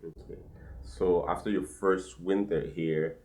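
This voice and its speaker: Deep-voiced male interviewer. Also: steady tone, slow, a little mellow. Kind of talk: interview questions.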